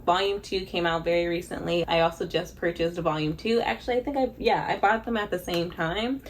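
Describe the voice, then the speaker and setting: A young woman vlogging casually about a book, excitable and dramatic, with bursts of laughter and squeals. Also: on the low side, fairly quick, slight background noise. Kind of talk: casual reading vlog chat.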